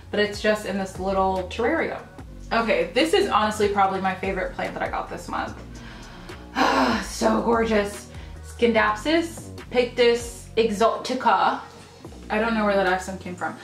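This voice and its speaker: A woman with a mid-range voice gushes casually about her houseplants in a haul-style video, speaking from a home room full of them. The sound is reverberant, and she uses frequent ums and little laughs.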